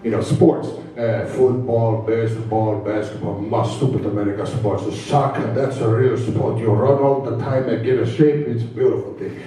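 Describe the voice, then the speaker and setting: A man doing a gruff Italian immigrant dad. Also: mid-range voice, fairly even intonation, moderate pace, few pauses, mellow, pitched below the performer's own voice, close to an everyday voice. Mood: scolding. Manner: exasperated scolding rant. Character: gruff older Italian immigrant father, easily offended. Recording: echoey club from a distance.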